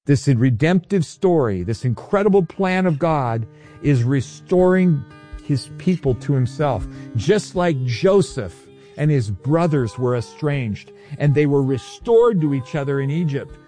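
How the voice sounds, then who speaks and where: A man preaching a sermon as a pastor, teaching in an animated, playful, excitable way. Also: on the high side, measured pace, soft background music.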